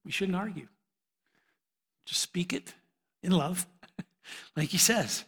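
A man's voice: sits high, takes it slowly, creaky, fairly bright tone, husky. Chatty, joking man preaching in a hall. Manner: joking, chatty, laughs at his own asides. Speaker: youth Bible teacher. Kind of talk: casual preaching to a youth group. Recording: long hall reverb.

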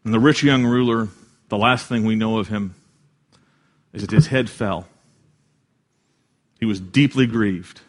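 A man preaching a sermon in an earnest way, swelling louder for emphasis and dropping soft at key lines. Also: medium pitch, a little slow, pauses often. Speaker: pastor.

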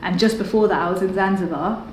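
A young woman with a London accent, chatting as an interview guest, quick to laugh and lively. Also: mid-range voice, a little hiss or hum. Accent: London English. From England. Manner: laughs often, animated storyteller. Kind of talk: casual interview chat. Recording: echoey room with faint music.

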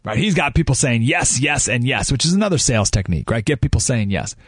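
Animated, emphatic male radio host. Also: medium pitch, fast talker, slightly rough, no echo, studio quality. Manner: emphatic, animated, rhetorical questions. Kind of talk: talk radio commentary.

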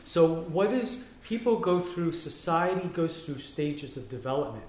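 A rabbi, a man, talking on a panel in an animated way and acting out the quotes he tells. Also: a little high, unhurried, slight background noise. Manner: animated storytelling, acts out quotes. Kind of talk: panel discussion talk. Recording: roomy echo.

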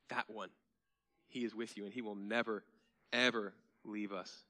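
A man pastor preaching a sermon in a church, conversational and then emphatic, sometimes dropping to a soft hush. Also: lowish voice, a little slow.

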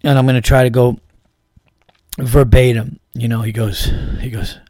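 A man's voice: mid-range voice, flat delivery, normal speed, a little mellow, no room sound, clean studio sound. A man hosting a podcast in a casual comedic monologue, rambling and profane with lots of restarts. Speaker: podcast host.

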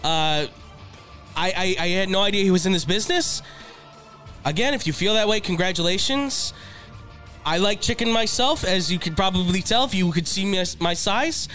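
A man co-hosting a casual sports podcast, rambling and animated, laughing often. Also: sits high, moderate pace, soft background music. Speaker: podcast co-host.

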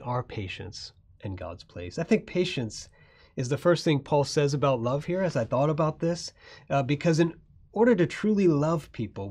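Male pastor, mid-pitched preaching voice, soft asides building to emphatic peaks. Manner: swings from soft, low asides to loud, rising emphasis. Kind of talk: sermon.

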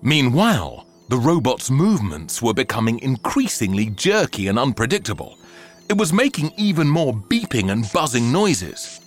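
A man narrating a children's story aloud with an expressive, theatrical delivery. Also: mid-range voice, moderate pace, soft background music.

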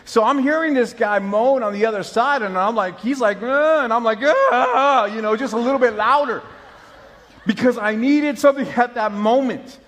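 A man preaching a sermon as pastor, telling stories with lively swings between loud and soft. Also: high voice. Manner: animated storyteller, mimics moaning, swings loud and soft.

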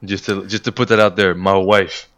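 A man's voice: deep voice, little pitch movement, moderate pace, fairly bright tone. A man co-hosting a casual talk show, chiming in to tease his co-host. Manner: teasing, short interjections. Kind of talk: casual chat.

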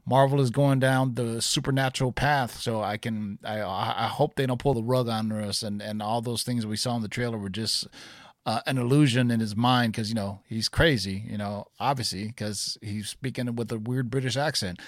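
A man's voice: medium pitch, fairly even intonation, moderate pace, no room sound, studio quality. A man chatting casually about comics and movies, rambling with lots of fillers and restarts.

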